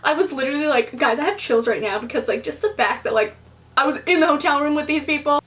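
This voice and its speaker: A young woman vlogger telling a storytime to camera in a casual, animated way, peppered with "like" and acted-out quotes. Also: sits high, fast. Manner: animated, expressive, heavy use of "like", acts out quotes.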